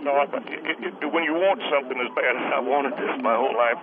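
A man's voice: medium pitch, a little fast. A man calling a radio show from work, who talks in a stammering, defensive way. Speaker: caller. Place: at work in a loud mill. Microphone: phone. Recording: tinny phone line with loud mill noise.

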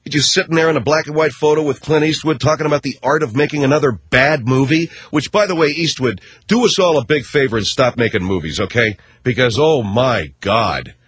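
A man's voice: medium pitch, fairly quick, hardly any pauses, a bit bright, breathy edge. A man ranting on talk radio in a combative, sarcastic, mocking way. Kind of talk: radio rant.

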